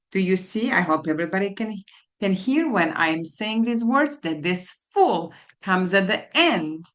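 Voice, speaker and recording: A woman tutor teaching a phonics lesson to children, spelling out letters and repeating each word slowly. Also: on the low side, fairly bright tone. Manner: slow, deliberate, spelling out letters and repeating words. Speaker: literacy tutor.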